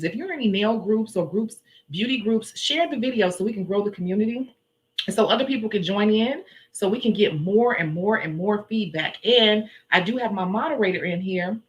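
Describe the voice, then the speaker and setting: A woman with a Chicago accent, chatting casually and forcefully with viewers on a home livestream. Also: medium pitch, expressive, normal speed. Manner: forceful, blunt, chatty, laughs often. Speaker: nail tech livestream host. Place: indoors at home.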